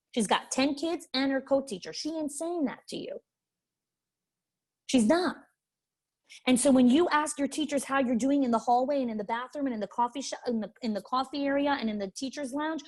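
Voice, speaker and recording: A woman's voice: fairly high pitch, a little mellow. A woman leadership coach teaching a webinar in an emphatic way, repeating her key points. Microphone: webinar microphone.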